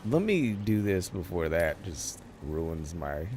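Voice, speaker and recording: A man's voice: sits low, very animated, slow, a little mellow, slight background noise. A man streaming a factory-building game, muttering to himself, cursing and laughing at his own mistakes. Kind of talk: casual live gameplay commentary.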